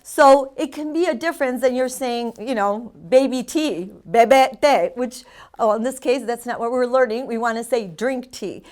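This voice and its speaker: Woman, high voice, chatty teacher, loud repeated drills, casual community TV lesson. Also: moderate pace. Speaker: Spanish teacher and show host.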